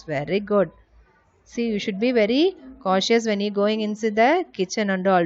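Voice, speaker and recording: A woman teacher with an Indian English accent, giving a lesson to small children, spelling out words letter by letter and answering her own questions. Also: medium pitch. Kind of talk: recorded class lesson for young children. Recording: slightly dull lo-fi audio.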